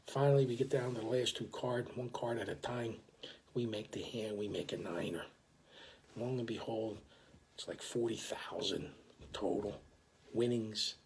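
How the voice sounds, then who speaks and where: An older man telling a story in a casual, animated, profane way, full of restarts. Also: fairly low pitch, normal speed, background noise.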